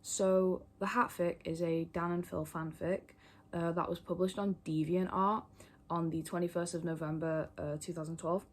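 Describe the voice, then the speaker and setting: A woman's voice: on the low side, little pitch movement, moderate pace, a little mellow. A young woman chatting to camera in a casual, rambling way, full of fillers and swearing. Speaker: fandom video creator. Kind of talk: casual chat, talking to camera.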